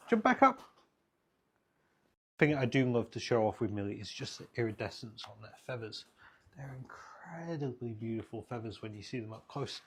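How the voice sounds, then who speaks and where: A raven keeper talking casually and fondly, leaning on repeated words for emphasis. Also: male voice, fairly low pitch, husky. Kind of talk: casual show-and-tell.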